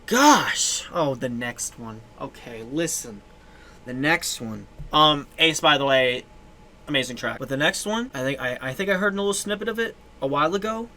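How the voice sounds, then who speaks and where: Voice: mid-range voice, a little hiss or hum. A host reacting to electronic music tracks in casual commentary, gushing and rambling with restarts and the odd swear word. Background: loud electronic music playing.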